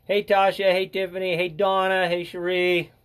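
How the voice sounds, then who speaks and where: High-voiced older man, chatty and joking. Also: completely flat delivery, moderate pace, a bit bright, clear, resonant tone. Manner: chatty, joking, greets viewers by name. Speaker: nature educator hosting a live stream. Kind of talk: casual live-stream chat.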